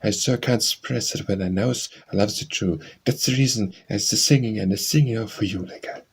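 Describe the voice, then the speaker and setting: A man recites verse for an audiobook in a rhythmic, sing-song lilt. His voice sits a little low and has a husky, breathy grain. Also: brisk. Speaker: audiobook reader.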